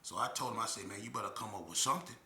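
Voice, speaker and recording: Animated man telling a story, echoey room. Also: fairly low pitch, racing. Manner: animated, acts out quotes loudly. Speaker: storyteller guest. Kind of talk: casual storytelling.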